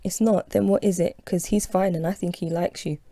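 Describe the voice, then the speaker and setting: A woman's voice: on the low side, steady tone, fairly quick, dark tone, no room sound. A woman reading an audiobook aloud, voicing a nosy, cheeky female best friend with a teasing manner. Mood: curious.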